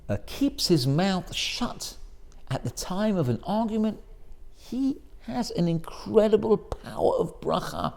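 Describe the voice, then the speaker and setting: Animated man telling a sermon story. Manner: animated storyteller, acts out quoted voices in a higher pitch. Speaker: rabbi giving a Torah talk.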